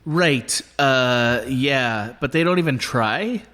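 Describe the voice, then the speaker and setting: A man's voice: mid-range voice, expressive, takes it slowly, sharp tone. Laughing, hesitant man in casual chat. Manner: hesitant, laughs often, restarts. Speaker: podcast co-host.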